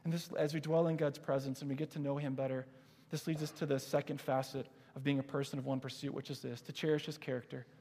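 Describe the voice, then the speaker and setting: A man's voice: medium pitch, level tone, fast talker, a little mellow. A man in his thirties preaching a sermon, earnest and conversational, telling stories with frequent restarts. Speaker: pastor. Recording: long hall reverb.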